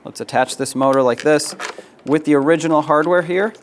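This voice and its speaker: A man's voice: fairly high pitch, a little fast, slight background noise. A man narrating a hands-on auto repair tutorial, practical and step-by-step, with casual fillers. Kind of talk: instructional how-to narration.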